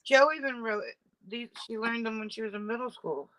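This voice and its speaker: A woman chatting casually as co-host, thinking out loud. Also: fairly high pitch, animated, a little fast, dry recording, rough recording. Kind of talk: casual chat.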